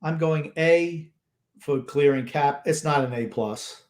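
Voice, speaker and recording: Grumpy sarcastic guy, kinda high voice, echoey room, casual sports chat. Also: takes it slowly, a little mellow. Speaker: podcast co-host.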